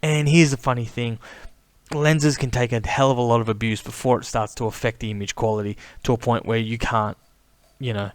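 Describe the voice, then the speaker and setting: A man's voice: medium pitch, fairly quick, dry recording. Chatty man, dry close sound. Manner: chatty, animated, says mate a lot. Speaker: camera vlogger. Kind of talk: casual enthusiastic monologue.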